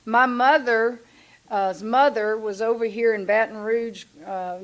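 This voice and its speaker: A woman's voice: on the high side, steady tone, unhurried, dull audio. A woman from Louisiana with a Southern accent, giving a blunt, folksy after-lunch talk as a guest speaker at a club luncheon. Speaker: guest speaker, basketball coach. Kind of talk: casual after-lunch speech.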